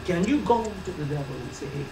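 A woman's voice: on the low side, expressive, brisk. Woman preacher, emphatic, repetitive call-and-response, distant room mic in a reverberant hall. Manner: call-and-response with the congregation, swinging from loud to hushed. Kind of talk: sermon. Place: church or ministry hall. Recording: echoey hall, distant mic, background noise.

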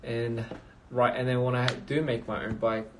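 Male livestream host, mid-pitched, loose and rambling, faint background hiss. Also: little pitch movement, moderate pace. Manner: rambling, reads out viewer comments. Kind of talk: casual livestream chat. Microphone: phone.

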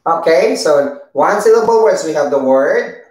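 A woman's voice: sits low, expressive, a little mellow. Patient, encouraging woman preschool teacher. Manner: slow, patient and encouraging, repeating words and praising. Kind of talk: online preschool circle-time lesson. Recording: roomy echo.

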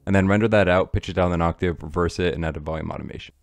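A man with a very low voice talks quickly through a production tutorial, casual and explanatory. Light music plays underneath his voice-over. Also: fairly even intonation, dry recording. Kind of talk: screen-recorded production tutorial.

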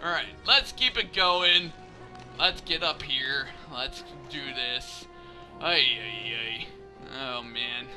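A man's voice: mid-range voice, slow pace. A man giving casual let's play commentary, joking and swearing at the character on screen. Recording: game music loud behind voice.

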